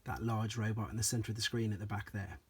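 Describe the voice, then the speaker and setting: A man doing a casual show-and-tell review of collectible toys, chatty and relaxed, often repeating stock phrases like "as I say". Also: on the low side, quick pace, slightly rough.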